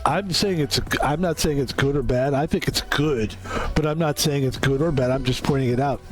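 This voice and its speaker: A man's voice: mid-range voice, normal speed. A man streaming a video game, chatting in a loose, joking way and swearing freely. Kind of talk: casual gameplay commentary.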